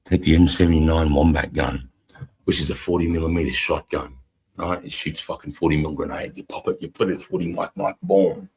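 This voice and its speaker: Australian man, forties, army veteran, very low voice, husky and rough, swearing, rambling war stories. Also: steady tone, fairly quick, darkish tone. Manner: blunt, swears constantly, rambling storyteller. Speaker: army veteran and stream co-host. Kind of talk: casual profane war storytelling.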